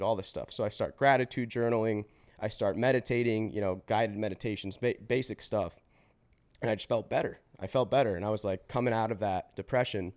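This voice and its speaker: A man in his twenties, a podcast guest, telling his life story in a casual, slangy way with swearing and quick restarts. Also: on the low side. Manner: slangy and swearing, says bro and dude; fast run-on telling with restarts.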